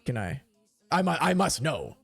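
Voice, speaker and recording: A man voicing a broad-shouldered, booming male high commander of zealot warriors, with hearty laughs and grand archaic speech. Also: very animated, normal speed, creaky, husky, no room sound, faint music behind, full character voice. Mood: flustered.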